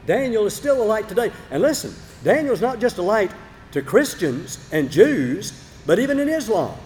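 A man preaching a sermon, telling a Bible story dramatically, moving from loud emphatic bursts to low, quiet asides. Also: very animated, normal speed. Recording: long hall reverb, faint background noise.

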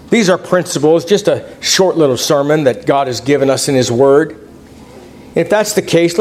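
A middle-aged man preaching a folksy sermon, reading scripture aloud and telling personal stories. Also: a little mellow. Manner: folksy, reads scripture aloud, pitch swings widely between points.

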